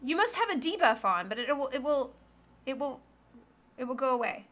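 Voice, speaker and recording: A woman's voice: sits high, very animated, fairly quick, fairly bright tone. A woman in her thirties streaming a video game, chatting casually and breaking into silly singing and humming as she plays. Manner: goofy, sings and hums while playing. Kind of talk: casual gaming chat.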